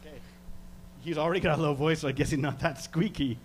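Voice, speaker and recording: A man from Canada, working as a stage hypnotist, giving slow, soothing suggestions and chuckling between them. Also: on the high side, steady tone, a little hiss or hum. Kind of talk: live hypnosis demonstration.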